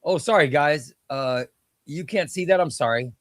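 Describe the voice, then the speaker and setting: A man's voice: fairly high pitch, moderate pace, dry recording. A man hosting a casual comic book livestream, chatting with viewers and calling out names as they are eliminated from a giveaway wheel. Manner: chatty, exclaims at each elimination.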